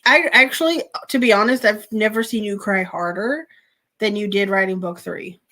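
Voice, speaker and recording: A woman's voice: mid-range voice, normal speed, bright, forceful tone. A woman co-hosting a writing livestream in casual, supportive chat. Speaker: livestream co-host.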